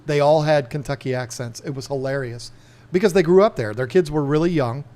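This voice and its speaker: A man in his fifties co-hosts a relaxed podcast. He rambles happily from one thought to the next with eager energy. His voice sits a touch higher than most men's. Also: fairly quick. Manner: rambling, enthusiastic. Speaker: podcast co-host. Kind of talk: casual chat.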